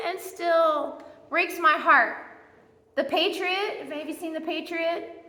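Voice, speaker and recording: A woman giving a church sermon who tells personal stories in an animated, chatty, self-mocking way. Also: extremely high pitch, unhurried. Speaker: guest speaker at church. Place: church sanctuary. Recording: echoey church hall reverb.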